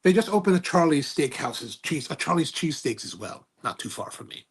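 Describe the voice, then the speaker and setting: An American cigar review livestream host chats casually, reads viewer comments, and rambles through stories, correcting himself often. His voice is a little high with a breathy edge, very animated and brisk.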